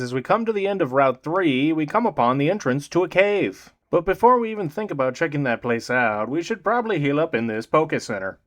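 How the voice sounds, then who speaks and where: A young man giving comedic, sarcastic commentary on a video game, swinging between loud exclamations and dry mutters. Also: fairly high pitch. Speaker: gaming commentator.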